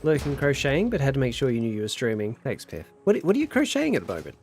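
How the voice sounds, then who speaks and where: A man's voice: medium pitch, very fast, faint music behind. A young man chatting casually while streaming a game, telling stories and reading chat aloud. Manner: chatty, animated storyteller, reads chat aloud.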